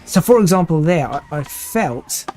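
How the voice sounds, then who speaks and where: Young man, slightly high voice, live sim racing commentary, thinks aloud and restarts sentences, faint music behind. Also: lively intonation, normal speed, mellow. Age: 20s.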